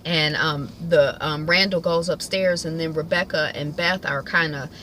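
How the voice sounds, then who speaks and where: Bright-voiced woman recapping a TV episode. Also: deep voice, steady tone, moderate pace, slight background noise, poor audio. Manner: chatty, colloquial, acts out characters' lines. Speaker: TV recap vlogger.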